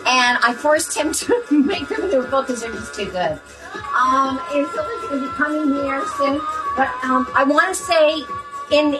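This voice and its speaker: A woman hosting a wellness session, giving a playful, rambling closing talk full of fillers and sudden mock shouts. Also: high voice, poor audio. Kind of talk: chatty closing talk to an audience. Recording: music playing behind.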